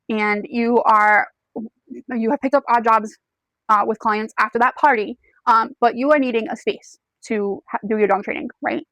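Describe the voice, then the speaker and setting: Chatty woman, higher voice. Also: fairly bright tone, no room sound, rough recording. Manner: chatty, addresses the listener as "you" with frequent "like". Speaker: book reviewer. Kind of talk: casual plot retelling to camera.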